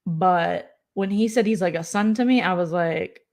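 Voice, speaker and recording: A woman's voice: lowish voice, normal speed, a little mellow. A woman hosting her own vlog in a casual late-night chat, blunt, gossipy and profane. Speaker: vlog host.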